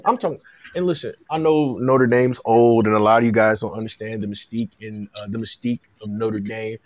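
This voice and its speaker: A man in his thirties hosting a podcast, talking sports in a casual, animated and emphatic way, with frequent restarts and stammers. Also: fairly low pitch, a little fast, no room sound. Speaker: podcast host.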